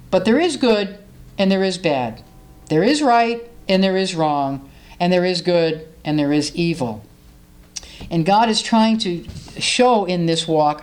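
A woman preaching a sermon in an earnest way, her voice climbing high when she gets impassioned.

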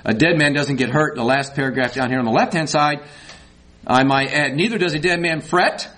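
A man delivers a sermon in a somewhat high voice. He speaks in a folksy way and climbs to high, emphatic peaks. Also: fairly quick, fairly bright tone. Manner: folksy, says y'all. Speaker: preacher.

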